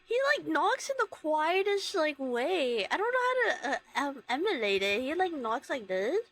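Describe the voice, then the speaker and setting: A woman's voice: high-pitched, very animated, moderate pace, fairly bright tone, rough recording. A woman in her twenties from Hong Kong, chatting casually on a gaming stream through a headset and rambling through stories with lots of fillers and giggles. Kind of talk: casual chat while gaming.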